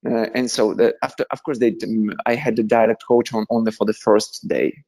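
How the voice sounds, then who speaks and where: With a lowish, gravelly voice and a fairly quick pace, a Russian-accented man recounts animated anecdotes as an interview guest. The conversation is casual, and he fills it with laughter and filler words.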